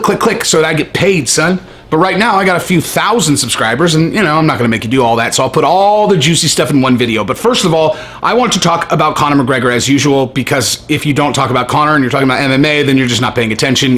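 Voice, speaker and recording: A man's voice: fairly high pitch, quick pace, fairly bright tone. A man ranting in a casual vlog, brash and profane, stressing his points. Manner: brash, profane, emphatic, keeps saying okay. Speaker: MMA commentary vlogger. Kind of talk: casual opinion rant.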